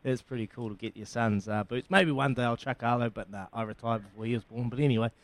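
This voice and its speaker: A man's voice: mid-range voice, steady tone, fast, no room sound. A man hosting a casual chat, jokey and matey. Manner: jokey and matey, calls people bro and mate. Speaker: host.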